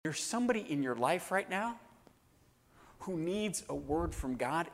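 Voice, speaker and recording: A man preaching a sermon, animated and acting out the voices of the people in his story. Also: a little high, unhurried. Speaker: pastor. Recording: long hall reverb.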